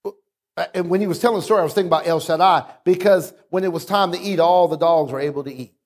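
A male pastor preaching a sermon, calling out to the congregation and stretching out words for emphasis. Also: a little mellow. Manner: preaching with call-outs to the congregation; swings from low explaining talk to raised, drawn-out emphasis.

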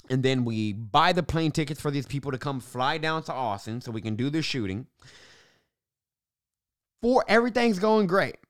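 A man telling the story of launching his business in a casual, animated monologue, swearing and laughing now and then. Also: medium pitch. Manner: animated, swears, laughs between beats, restarts often.

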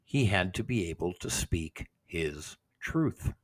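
A man with a very deep voice chats casually. He mostly agrees in short replies and sounds earnest when he makes his own point. The recording is dry and close. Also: expressive, slow, no room sound. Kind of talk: casual chat.

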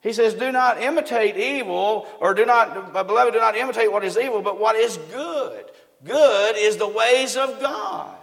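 A man's voice: high voice, lively intonation, normal speed, vocal fry, fairly bright tone. Folksy preacher man in an echoing hall. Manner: folksy, asks the congregation questions. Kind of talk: sermon. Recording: long hall reverb.

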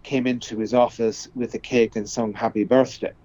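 A man giving political commentary as a radio guest, talking haltingly with many restarts. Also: medium pitch, little pitch movement, dark tone, no room sound, muffled recording.

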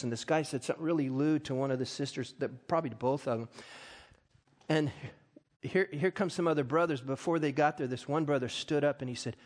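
A middle-aged man preaching from the pulpit in a high, ringing voice. He reads scripture and tells stories, and his voice climbs into loud, fervent peaks. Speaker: pastor. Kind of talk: sermon.

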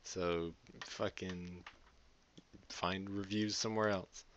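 A man's voice: low-pitched, fairly even intonation, slow pace, a bit bright, highs cut off, a little hiss or hum. A man hosting a podcast in a casual, rambling monologue, swearing freely and laughing often. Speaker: podcast host.

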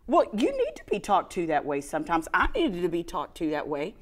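A woman co-hosting a casual faith talk, telling a personal testimony with lively storytelling and a put-on whiny voice for her past self. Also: lowish voice, a little fast, few pauses. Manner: animated storytelling, mimics her own whiny crying voice. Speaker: co-host sharing a testimony.

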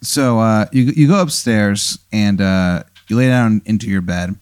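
A man's voice: on the low side, a little slow, darkish tone, clean tone, dry recording, clean studio sound. A man hosting a casual podcast chat, telling a rambling hypothetical story with many fillers. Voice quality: meandering with many uhs and profanity. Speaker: podcast host posing a hypothetical.

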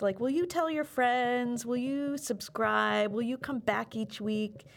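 A woman's voice: on the high side, measured pace, vocal fry, hardly any pauses. A woman hosting a podcast, encouraging and upbeat, who leads listeners through affirmations. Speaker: podcast host and self-defense teacher.

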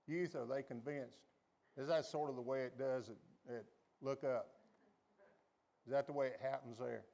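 Slow-preaching pastor, a man. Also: a little mellow. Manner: calls for the congregation to repeat after him; acts out quoted voices with sudden high jumps in pitch. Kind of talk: sermon.

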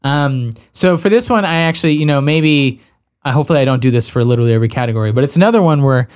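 A man's voice: medium pitch, racing. A man co-hosting a podcast in casual chat, hesitant and hedging with fillers. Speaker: podcast co-host.

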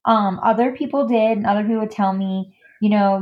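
A woman's voice: mid-range voice, steady tone, fairly quick, highs cut off. A woman guest in a casual podcast interview, chatty and full of "like" and "um" fillers. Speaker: guest, stylist and designer.

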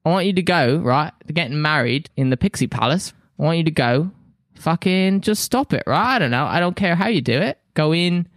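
A woman's voice: sits low, expressive, fairly quick, no echo, clean studio sound. A man voicing a weary small woman who hires adventurers. She talks in exasperated rambles and keeps tagging on "right?". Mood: exasperated rambling.

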